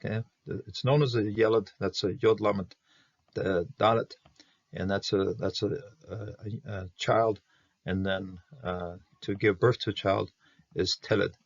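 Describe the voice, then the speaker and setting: A man teaching a verse-by-verse Hebrew grammar lesson, explaining slowly with many fillers and restarts. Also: on the low side, fairly even intonation, vocal fry, dry recording. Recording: dull, muffled dry recording.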